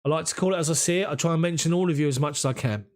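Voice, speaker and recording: Speaking very fast in a slightly high voice, an English football fan channel host with a London accent leads a live watch-along. He chats, reads comments aloud, and thanks viewers by name.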